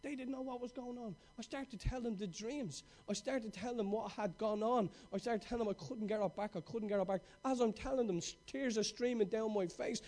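A middle-aged man preaching a sermon with passion, telling stories and swinging between loud outbursts and hushed moments. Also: sits high, brisk, hardly any pauses.

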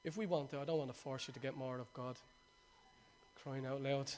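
A male pastor preaching and praying fervently, repeating phrases and swinging from hushed prayer to loud exhortation. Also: medium pitch, fairly even intonation, a little fast, a little hiss or hum. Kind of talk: sermon with prayer.

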